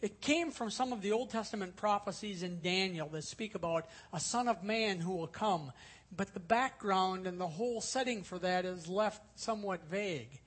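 A man's voice: high voice, moderate pace, a bit bright, breathy edge. A male pastor teaching a sermon, explaining scripture earnestly and repeating key points for emphasis. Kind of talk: expository sermon.

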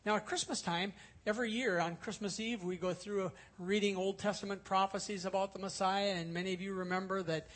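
A man's voice: high-pitched, fairly even intonation, fairly quick, fairly bright tone. A male pastor teaching a sermon, explaining scripture earnestly and repeating key points for emphasis. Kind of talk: expository sermon.

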